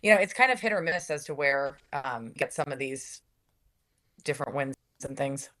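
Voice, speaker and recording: A woman's voice: extremely low pitch, animated, normal speed, fairly bright tone. A woman TV news anchor from Minnesota, a guest chatting casually and laughing often. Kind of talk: casual interview chat.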